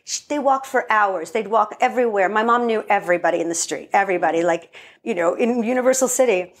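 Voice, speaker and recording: A woman's voice: medium pitch, fast talker. A woman, a guest filmmaker, tells family stories in a casual interview and acts out the quotes.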